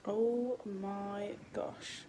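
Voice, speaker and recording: Tired young uk woman vlogging in a hospital room, talks slow and drawn out, hissy background. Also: medium pitch, flat delivery. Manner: tired, chatty, bursts of laughter. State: tired and out of breath. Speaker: vlogger, new mother. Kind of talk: casual vlog chat. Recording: background hiss, room noise.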